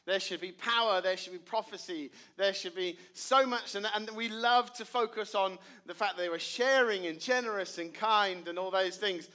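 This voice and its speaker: Man, pastor, sermon, higher voice, earnest, dramatic hushed moments. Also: moderate pace, hardly any pauses. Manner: earnest, dramatic drops to quiet. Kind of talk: sermon with storytelling.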